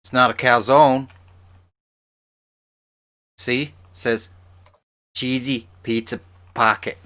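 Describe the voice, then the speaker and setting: A man's voice: mid-range voice, level tone, slow, pushed and bright. A man putting on a brash, boastful mock Chicago accent in casual stream chat. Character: brash exaggerated Chicago guy.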